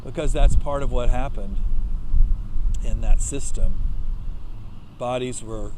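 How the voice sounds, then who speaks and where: A male pastor preaching a sermon as conversational storytelling that breaks into loud impassioned outbursts. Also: medium pitch, slow pace, background noise.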